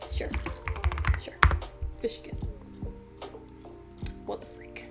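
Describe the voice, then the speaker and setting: A woman's voice: medium pitch, expressive, takes it slowly, pauses often, music in the background. A woman streamer talking casually to her live chat in a rambling, chatty way, full of fillers.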